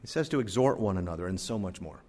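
A pastor preaching earnestly, telling a story in a sermon. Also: male voice, low-pitched, lively intonation, fast talker, dark tone, big-room sound.

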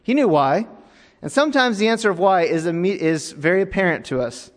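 Dramatic preacher, swinging hushed to raised. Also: male voice, high voice, animated, a little fast, in a large hall. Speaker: pastor. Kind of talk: sermon.

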